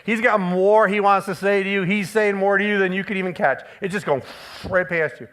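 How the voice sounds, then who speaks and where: High, bright-voiced man preaching emphatically. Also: steady tone, brisk. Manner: emphatic, repeats key phrases for stress; switches between forceful declarations and playful asides. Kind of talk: sermon.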